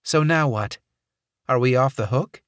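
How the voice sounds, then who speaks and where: A man's voice: mid-range voice, unhurried, a bit bright, smooth, dry recording, clean studio sound, pitched above the performer's own voice, close to an everyday voice. A man voicing a blunt, money-minded woman mercenary who talks in a brash, impatient way.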